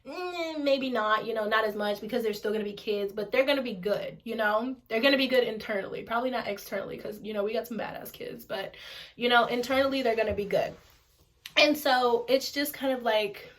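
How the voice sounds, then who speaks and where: A single mother in her twenties talks candidly to the camera at home, her voice fairly high and her pace quick. She's frank and informal, swearing and repeating herself to drive points home.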